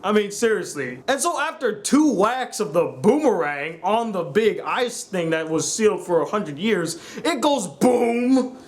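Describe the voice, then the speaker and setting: A man's voice: high voice, very animated, unhurried. A young man reviewing a film in a sarcastic, exasperated rant, mocking the characters' lines in put-on voices.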